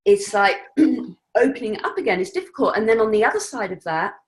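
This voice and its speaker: A woman speaking as an interview guest, earnest and reflective, at times animated and laughing. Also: a little high, a little fast. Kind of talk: conversational interview.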